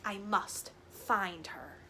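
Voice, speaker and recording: A woman's voice: medium pitch, very slow, noisy background, voice pushed down. A woman voicing an eager young male elephant in a picture book, gushing and torn between treating himself and sharing. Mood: deciding. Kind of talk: picture-book read-aloud voice.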